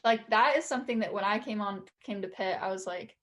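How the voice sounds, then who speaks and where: A woman's voice: medium pitch, a little fast, a bit bright. A young woman, a college soccer captain, talking earnestly and casually as a podcast guest, with lots of filler words. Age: young adult. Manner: earnest, chatty, many "like" fillers.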